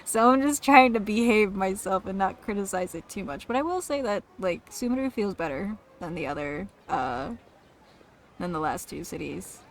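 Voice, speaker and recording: A woman's voice: mid-range voice, lively intonation, moderate pace, a little hiss or hum. A woman streaming a game, chatting casually in a rambling, giggly, self-mocking way.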